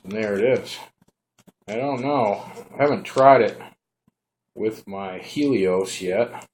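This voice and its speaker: A man giving a relaxed, rambling hands-on product review at home, talking to the camera as he shows the device. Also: on the low side, slow pace.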